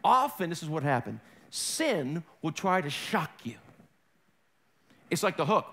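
A male pastor preaching a sermon in an animated way, acting out voices with humor. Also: fairly high pitch, measured pace, long pauses.

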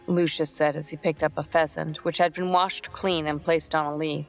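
Low-voiced woman narrating a story. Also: moderate pace, faint music behind. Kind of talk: scripted narration.

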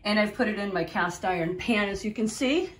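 A woman's voice: mid-range voice, brisk. A woman hosting a home cooking video, chatty and talking viewers through each step directly. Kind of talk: casual cooking demonstration. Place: home kitchen.

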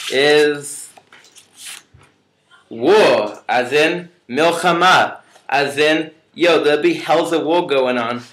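A man's voice: mid-range voice, fairly bright tone. A young man hosting a casual comedy vlog, rambling and self-mocking. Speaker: vlog host. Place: room at home. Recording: echoey room.

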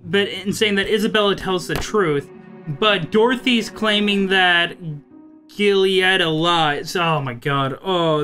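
A man commentating a horror game let's play, chatty, thinking out loud and often breaking off his own sentences. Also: high voice. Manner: thinks aloud, chatty and self-interrupting.

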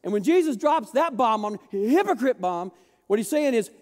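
Male pastor, sermon; high voice that leaps all over, playful, acts out little scenes, long hall reverb. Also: brisk. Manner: animated, acts out voices of people in the story; jokey, asks the congregation to repeat words. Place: large church hall.

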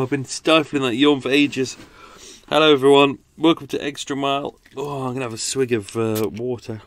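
A man's voice: medium pitch, fairly even intonation, moderate pace. A man hosting an unscripted podcast segment from his boat, chatty, rambling and self-mocking. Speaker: podcast host. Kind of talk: casual unscripted chat. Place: narrowboat cabin.

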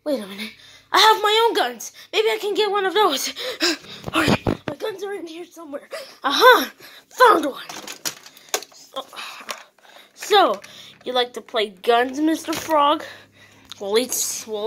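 A woman acting out a playful comedy skit, talking theatrically and swinging between chatty and panicked shouting. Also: very high voice, lively intonation, unhurried, long pauses.

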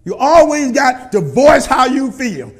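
High-voiced preaching man, shouting at times. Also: sing-song, a little slow. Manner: preaching with call-and-response, often shouting. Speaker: pastor. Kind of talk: sermon. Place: church with congregation.

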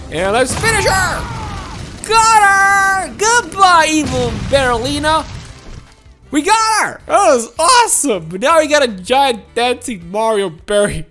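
A woman giving excited gameplay commentary to her viewers, exclaiming and laughing often. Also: sits high. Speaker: gaming video host.

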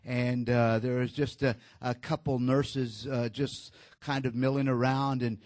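A man preaching a sermon, telling a story in a low, hushed voice at the tender moments and rising louder when he exhorts, with many fillers and restarts. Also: flat delivery, a little slow, no room sound.

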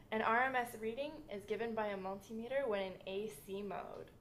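A woman's voice: a little high, brisk, few pauses, a bit bright, a little hiss or hum, low-quality recording. Young woman reading a lesson script. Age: young adult. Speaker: student presenter. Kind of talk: scripted narration.

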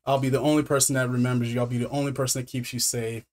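A man's voice: mid-range voice, little pitch movement, rapid-fire, darkish tone, natural voice. Man loosely voicing a lovesick magical tree, clingy, rambling pleas, plain mid-range voice. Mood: doting.

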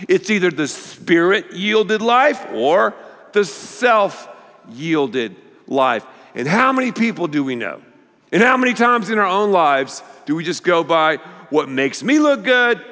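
A man preaching a sermon as pastor, with an animated, playful manner. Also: high voice. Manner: animated, playful, leads the congregation in call-and-response. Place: large church auditorium. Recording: long reverb of a large church hall.

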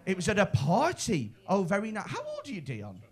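Brash, high-voiced Liverpool comedian. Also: male voice, wildly swooping pitch, fairly quick. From Liverpool, England. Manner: brash, sweary, teasing. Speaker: stand-up comedian. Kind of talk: stand-up crowd work.

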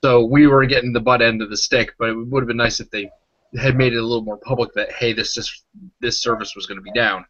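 A man hosts a live gaming stream in a casual interview, talking quickly in a mid-range, slightly bright voice with fairly even intonation. He's chatty and rambling and laughs often. The lo-fi audio sounds slightly dull.

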